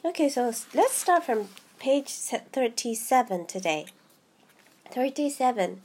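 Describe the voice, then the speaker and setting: Woman host reading storybooks aloud, husky and animated. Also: a little high. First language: Japanese. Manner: halting, with restarts and Japanese asides. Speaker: host, reader.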